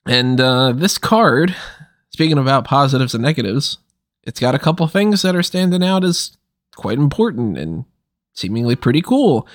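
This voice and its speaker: A man hosting a podcast while feeling a little under the weather. His talk is wry and deflated, with a complaining edge. His voice sits at a middle pitch on a dry close mic with no room sound. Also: sing-song, moderate pace, no echo. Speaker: podcast host. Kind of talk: casual podcast chat.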